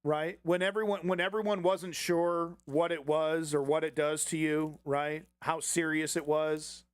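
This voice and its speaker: A man's voice: fairly high pitch, level tone, a little slow, smooth, no room sound. A man hosting a political commentary stream, ranting with heavy swearing and sarcastic mockery. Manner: sarcastic, swears often, mocks opponents in put-on voices.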